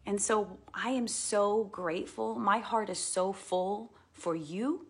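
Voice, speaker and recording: A woman hosting a casual live video, talking in a gushing, heartfelt way, repeating words, and slowing to a softer tone when she recounts a meditation. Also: mid-range voice, slightly rough. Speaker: live video host sharing personal experiences. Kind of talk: casual live-stream monologue.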